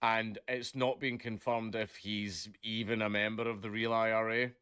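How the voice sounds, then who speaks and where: A man's voice: lowish voice, level tone, normal speed, sharp tone, clean tone, no echo, studio quality. A man ranting casually on a live stream, rambling and leaning on filler words, swearing often. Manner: rambling, leans on "basically" and "right?", swears a lot.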